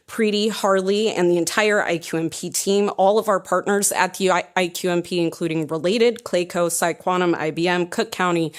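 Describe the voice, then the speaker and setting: A woman, the head of an economic development group, giving an upbeat prepared speech at a press conference and working through lists of thanks. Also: fairly low pitch. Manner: upbeat, reads thank-you lists, laughs at own jokes.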